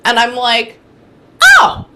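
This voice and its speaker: A woman's voice: a little high, monotone, slow pace, bright, forceful tone. A woman in her thirties, a guest medium, telling a reading story and acting out the remembered dialogue of both people. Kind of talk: animated storytelling in conversation.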